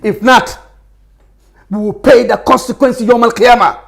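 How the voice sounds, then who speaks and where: A man's voice: very high voice, fairly even intonation, a little slow, gravelly, fairly bright tone. A Gambian man with a Gambian accent, a political leader speaking fervently and preachily in an interview. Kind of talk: impassioned interview talk.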